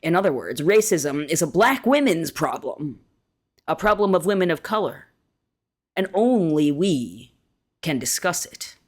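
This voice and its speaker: A woman reading an essay aloud in a measured, deliberate way, slowing down to stress key words. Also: deep voice, very animated. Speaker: reader of an essay.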